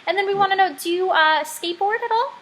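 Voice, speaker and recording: A woman's voice: extremely high pitch, fast talker, a bit bright. A woman interviewing a guest, asking friendly questions in a casual way and prompting him to tell the viewers more.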